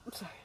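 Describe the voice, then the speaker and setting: A woman co-hosting a podcast in casual chat, playful and giggly, often dropping into whispered asides. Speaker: podcast co-host.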